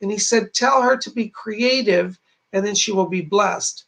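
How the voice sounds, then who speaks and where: A man's voice: high voice, measured pace, creaky, a bit bright, low-quality recording. A man working as a psychic medium and giving readings on a livestream. He talks in a chatty, earnest, reassuring way and keeps passing on messages with "she said". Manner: retells messages with repeated "she said". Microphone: streaming from home to camera.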